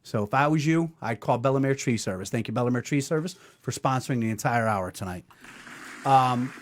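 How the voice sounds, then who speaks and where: A middle-aged man hosts a loose podcast chat in a mid-pitched voice. He needles his co-host with dry sarcasm and swears freely. He reads an ad read in the same offhand way. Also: animated, a little fast. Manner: sarcastic, profane ribbing. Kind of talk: casual banter.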